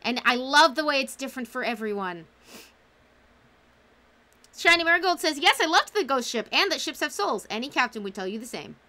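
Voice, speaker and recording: A woman's voice: high-pitched, big pitch swings, a little fast, sharp tone. A woman hosting a casual livestream book club, talking enthusiastically and reading out chat comments.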